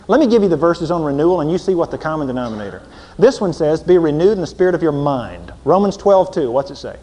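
A man preaching a folksy sermon, swinging from loud emphatic lines to low intense asides. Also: brisk. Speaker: pastor. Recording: long hall reverb.

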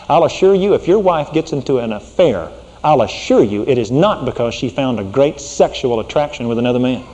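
Preaching in a large hall, a middle-aged male pastor speaks with a mid-range voice and a relaxed, homespun manner. When he reaches weighty moments, he drops to a hushed tone.

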